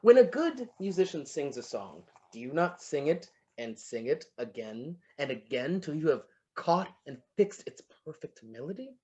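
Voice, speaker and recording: An actor playing a flattering, lovestruck poet in an amateur online stage play, savoring each word and muttering to himself. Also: mid-range voice, normal speed, hardly any pauses, close to an everyday voice. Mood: musing. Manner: florid, wooing, savoring words, muttering to himself. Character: lovestruck, flattering William Shakespeare, a playful poet.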